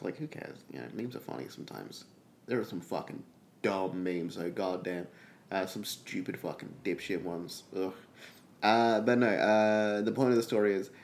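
Young male podcast co-host, low-pitched, rambling and crude in casual banter. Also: gravelly, slight background noise. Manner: rambling, swearing, animated storytelling.

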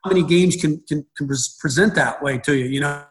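A man's voice: a little high, a little fast, slight background noise, poor audio. A middle-aged man, a baseball coach, talking in an interview, rambling and restarting his sentences often. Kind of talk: conversational interview.

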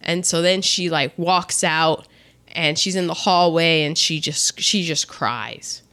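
A woman casually recapping a film with a co-host, chatty and quick to laugh. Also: low voice, sharp tone. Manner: chatty, laughs often, acts out the characters' lines.

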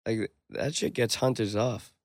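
Brief: young guy, mid pitch, animated swearing banter, dry close sound. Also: unhurried, no echo. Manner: excitable, heavy swearing. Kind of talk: casual chat.

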